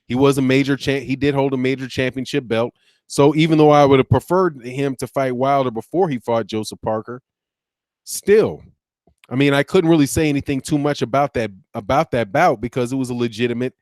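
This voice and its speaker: A man hosts a loose, rambling boxing talk stream, trailing into restarts and tossing in "man" often. His voice comes through smooth and clear at a middling pitch. The sound is dry and close, with no room around it. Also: fairly quick, a little mellow, no echo. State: sleepy, yawning. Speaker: boxing channel host. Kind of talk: casual live-stream commentary reading viewer comments.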